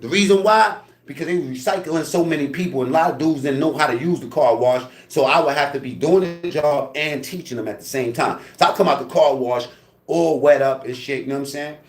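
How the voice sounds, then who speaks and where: A fairly high-pitched male voice echoes around the room as he tells a prison story. The delivery is lively and profane, with sound effects and character voices acted out and a steady stream of fillers like "you know what I mean".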